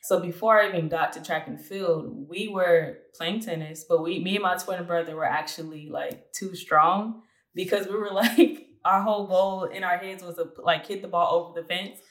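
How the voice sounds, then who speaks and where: A young adult woman telling her life story as an interview guest, chatty and quick to laugh, with lots of filler words. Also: on the low side, steady tone, fairly bright tone. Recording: roomy echo.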